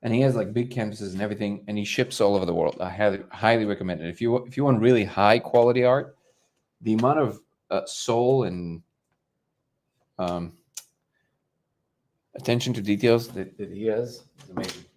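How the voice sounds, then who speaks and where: A man's voice: fairly low pitch, normal speed, a little mellow. A man hosting a casual livestream chat, talking in a rambling, hesitant way with many fillers and restarts, sometimes moving away from the mic. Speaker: livestream host.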